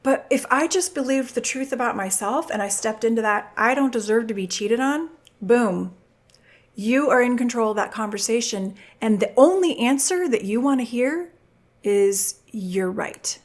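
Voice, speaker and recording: A woman's voice: a little high, moderate pace. A middle-aged woman hosting a podcast, giving relationship advice and acting out quoted voices as she tells stories. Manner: animated storytelling, acts out quoted voices. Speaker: podcast host.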